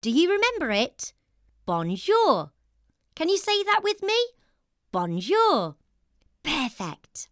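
A woman from England hosting a children's show, cheerful and encouraging, speaking slowly and clearly for young children. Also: very high voice, sing-song, fairly bright tone. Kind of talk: children's TV presenting.

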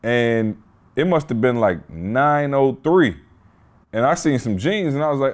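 A man's voice: mid-range voice, animated, measured pace. Laid-back slangy man telling a story. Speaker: podcast host. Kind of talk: casual chat.

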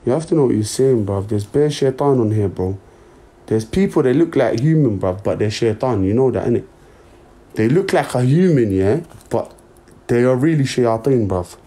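A young man talks to his live chat through a phone, laid-back and slangy. His voice sits at a middle pitch with a dark, mellow tone. He keeps it loose and conversational. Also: lively intonation, moderate pace. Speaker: livestreamer. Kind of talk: casual livestream chat.

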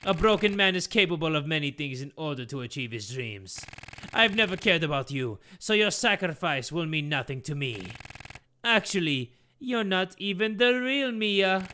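A man voicing a scheming old father and cult villain, gloating slowly in a strange put-on accent. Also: on the high side, sing-song, pushed and bright, slight background noise. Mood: menacing.

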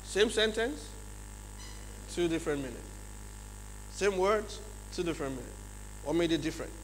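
A man with a Nigerian English accent giving a lively leadership seminar talk in a large church hall, often checking in with his audience. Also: fairly high pitch, moderate pace. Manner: acts out examples in changed voices. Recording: long hall reverb, faint mains hum.

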